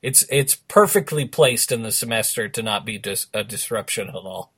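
A man's voice: lowish voice, animated, normal speed, fairly bright tone, slightly rough. A man with a Boston accent hosting a casual sports podcast, joking through the sign-off. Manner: jokey, upbeat sign-off banter. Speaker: podcast host.

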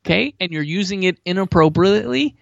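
A man from Massachusetts co-hosting a sports show, telling rambling, animated stories in casual chat. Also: high-pitched, brisk, gravelly, dry recording, lo-fi sound. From Massachusetts, USA.

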